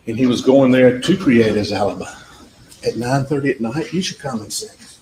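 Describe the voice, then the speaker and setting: A man's voice: mid-range voice, normal speed, darkish tone. Emphatic man addressing a jury. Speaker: trial attorney. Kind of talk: closing argument to a jury. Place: courtroom. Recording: echoey courtroom audio with faint background noise.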